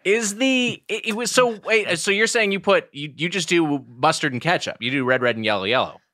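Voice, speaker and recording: A man co-hosts a podcast, riffing along with quick comic asides. His voice is bright and lively in pitch and is recorded close and dry. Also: no room sound. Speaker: podcast co-host. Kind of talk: casual comedic chat.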